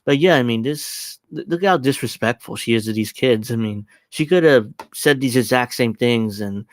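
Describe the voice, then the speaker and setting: A young man hosts a casual commentary on video clips, mocking and profane and quick to laugh. His voice sits in an ordinary middle pitch, and the sound is dry and close to the mic. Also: no room sound. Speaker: host.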